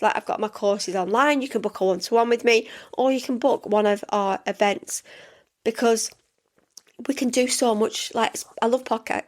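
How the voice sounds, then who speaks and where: Chatty woman podcaster. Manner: chatty and rambling, full of fillers and restarts; enthusiastic, jumps up in pitch when excited. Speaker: podcast host and coach. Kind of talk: casual solo podcast chat.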